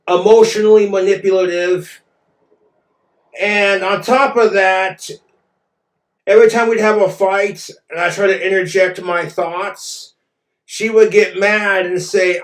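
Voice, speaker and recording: A man's voice: high voice, roomy sound. A man ranting in a vlog monologue, aggrieved and profane. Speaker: vlogger.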